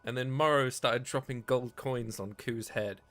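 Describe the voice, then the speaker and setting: A man running a tabletop role-playing game as game master, narrating in a relaxed, conversational way. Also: medium pitch, measured pace.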